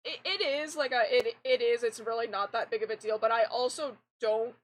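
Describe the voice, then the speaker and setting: A young streamer chats briskly with her viewers during a game, her somewhat high, fairly androgynous voice picked up by a desk mic. The casual talk is rambling and animated, with frequent restarts. Audio quality is poor.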